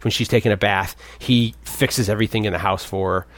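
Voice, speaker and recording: A man in his thirties co-hosting a casual movie podcast, rambling and often jumping up in pitch to act out the characters. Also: fairly even intonation, brisk, a bit bright, dry recording. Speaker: podcast co-host.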